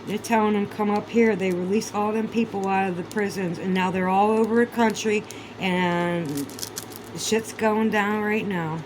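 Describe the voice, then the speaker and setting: A woman in the middle of a vlog rant, heated and profane, scoffing with sarcasm and disbelief. Her voice sits at an ordinary middle pitch, with a faint hum of room ambience behind her. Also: steady tone, unhurried. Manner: sarcastic, incredulous. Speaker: vlogger. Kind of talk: casual ranting monologue.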